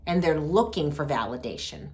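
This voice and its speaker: A woman hosting a reflective talk on compassion, speaking softly and deliberately with gentle pauses. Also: low-pitched, lively intonation. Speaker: host.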